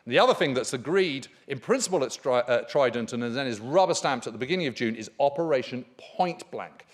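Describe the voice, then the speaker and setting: A man's voice: mid-range voice, lively intonation, a little fast. A man giving a history lecture at a conference, speaking emphatically and enthusiastically with frequent fillers. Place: conference hall.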